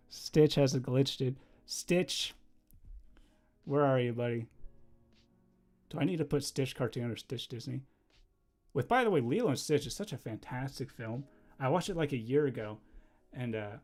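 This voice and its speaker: A young man chatting casually on a livestream while drawing, rambling and easily distracted, breaking into quick laughs. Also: medium pitch, a little mellow. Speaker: livestreamer and animator.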